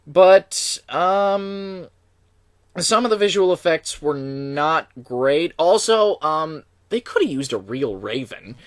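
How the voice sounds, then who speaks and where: A young man with a slightly high voice gives a casual film review. His pitch swings widely as he complains, and he stumbles through ums and restarts. The sound is dry and close. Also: no echo. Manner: hesitant, many ums and restarts; opinionated, lively complaining. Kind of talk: casual spoken movie review.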